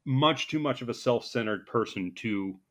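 A man from New Jersey co-hosting a casual film review podcast, an animated and joking storyteller. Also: mid-range voice, moderate pace. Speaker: podcast co-host.

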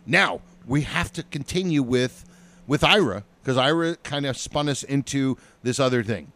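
A man co-hosting a podcast chats enthusiastically and laughs often. His pitch moves in a lively way, and the recording is dry and close. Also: normal speed, no room sound. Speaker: podcast co-host. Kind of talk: casual chat.

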